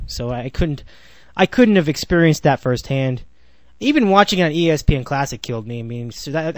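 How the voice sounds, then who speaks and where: A man's voice: fairly high pitch, dry recording. A man in his twenties hosting a solo sports podcast, rambling with sarcastic asides and frequent self-corrections. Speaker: podcast host.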